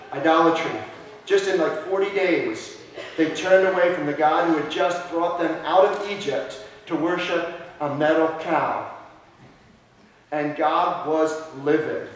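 Man, pastor, conversational sermon, higher voice, echoey church room, distant mic. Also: a little hiss or hum. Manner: conversational preaching, asks the congregation questions. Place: church sanctuary.

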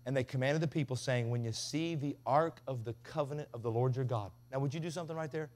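In a revival tent, a man preaches a sermon full of folksy stories, imitating the voices of the characters and building up to shouting. He has a mid-range voice and speaks fast.

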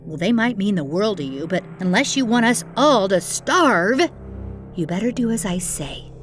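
A woman voicing a cruel, scheming stepmother in a children's storybook reading, bossy and harsh, dropping low when she plots. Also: animated, moderate pace, soft background music, close to an everyday voice.

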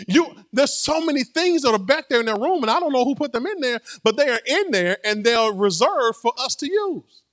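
A man's voice: very high-pitched, sing-song, a little fast, a bit bright. A man preaching a sermon as pastor, conversational and playful, with call-and-response to the congregation.

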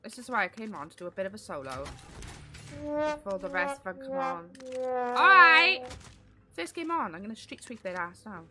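A woman streaming a game early in the morning, chatting to viewers in a croaky, sleepy voice and laughing loudly. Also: mid-range voice, sing-song, a little fast, soft background music. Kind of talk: casual chat while gaming live.

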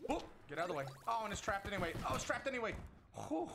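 Excitable male gameplay host, slightly high voice, lively delivery. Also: rapid-fire, vocal fry, noisy background. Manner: excitable, frequent exclamations, self-talk. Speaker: gaming channel host. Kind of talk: casual gameplay commentary. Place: at home. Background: game music.

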